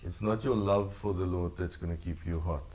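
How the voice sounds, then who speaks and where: A man with a very low voice delivering a sermon. His preaching is earnest and leans on repeated phrases. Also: steady tone, moderate pace, a little mellow, slight background noise. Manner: earnest, repetitive preaching cadence. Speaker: pastor.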